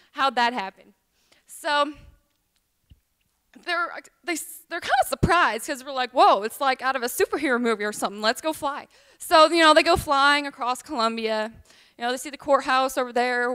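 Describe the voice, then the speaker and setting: A woman's voice: high-pitched, sharp tone. A woman from Tennessee, telling a rambling tall tale at a liar's contest, full of ums. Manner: chatty, rambling, with many ums.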